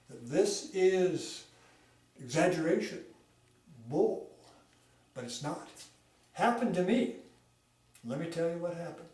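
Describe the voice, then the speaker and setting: Folksy high-voiced man in an echoey room. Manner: folksy, with lively shifts in pace and volume. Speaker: storyteller. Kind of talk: telling a tall tale at a speaking club. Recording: echoey room, mic far off.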